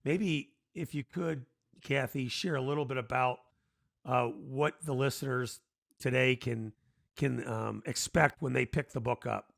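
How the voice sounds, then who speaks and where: A man hosting an interview, asking questions in a halting way with many restarts. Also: medium pitch, creaky, fairly bright tone, dry recording, clean studio sound. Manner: hesitant, halting phrasing with restarts. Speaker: podcast host.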